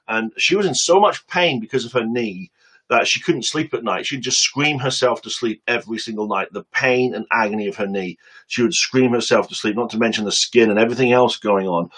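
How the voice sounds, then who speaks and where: A man preaching on a webcam stream, telling a story with lively acted-out quotes and quick asides. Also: lowish voice, slightly rough, rough recording.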